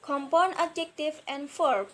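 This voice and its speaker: A woman's voice: high-pitched, animated, unhurried, low-quality recording. A young woman whose first language is Indonesian, presenting a student lesson on word stress, hesitant, with many fillers and careful repeated words. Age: young adult.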